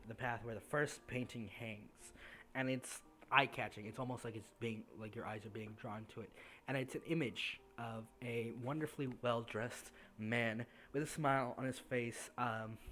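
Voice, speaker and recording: A man's voice: medium pitch, fairly bright tone, a little hiss or hum. A man narrating as game master in a casual, filler-heavy way, laughing at his own slips. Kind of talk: narrating a tabletop game over voice chat.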